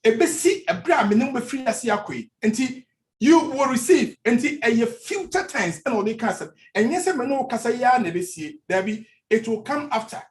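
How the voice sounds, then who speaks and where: A man's voice: very high voice, sing-song, brisk, few pauses. A male pastor with a Ghanaian accent preaching a sermon in church, switching between languages and repeating phrases for emphasis.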